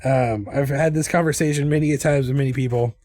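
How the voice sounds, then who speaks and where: A man's voice: mid-range voice, fairly even intonation, fast, darkish tone, no echo, studio quality. A man chatting casually on a live art stream, rambling and restarting his sentences. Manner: rambling, with many restarts and laughs.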